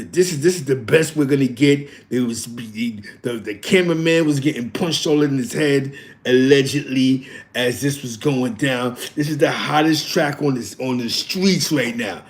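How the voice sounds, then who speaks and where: A man hosts with mixtape-DJ swagger, repeating the same hype tag and rattling off shoutouts. His voice sits in an ordinary middle pitch, loose and unpolished. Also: moderate pace. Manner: repetitive hype, lots of shoutouts. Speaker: host.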